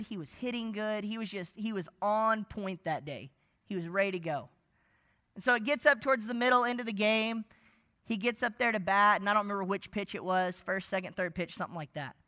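A man preaching an evening sermon, telling stories with animation and sometimes dropping almost to a whisper for asides. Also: high-pitched. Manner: animated storytelling, drops to near-whisper for asides. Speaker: pastor.

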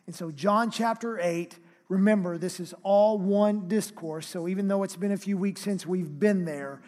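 A man preaching a sermon, reading scripture aloud with emphatic, drawn-out phrasing. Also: sits high, a little mellow, big-room sound. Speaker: pastor.

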